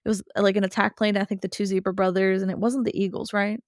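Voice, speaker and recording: A woman's voice: medium pitch, fast talker, no echo, clean studio sound. A woman co-hosting a podcast, recapping a cartoon episode in casual chat and acting out characters' lines along the way. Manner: animated storytelling, briefly acting out characters' lines. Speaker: podcast co-host.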